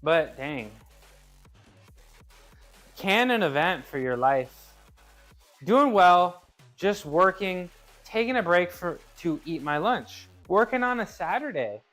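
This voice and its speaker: Working out while he streams, a man reads his chat and talks casually with viewers, laughing easily and often restarting phrases. His high, fairly bright voice has lively intonation but a slow pace with long pauses, and faint music plays behind him.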